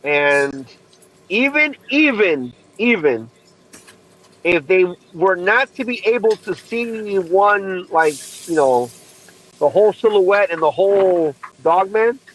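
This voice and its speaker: A man speaking as a guest in a casual interview, halting and repeating words as he restarts. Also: high voice, expressive, a bit bright, rough recording.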